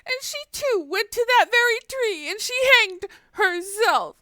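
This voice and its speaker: A woman's voice: lively intonation, a little slow, bright, forceful tone, dry recording, full character voice. A woman voicing a grieving middle-aged man who sobs and whimpers as he tells his story. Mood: mournful. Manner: whimpering, tearful, high and wavering. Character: grieving middle-aged man sobbing over dead wives.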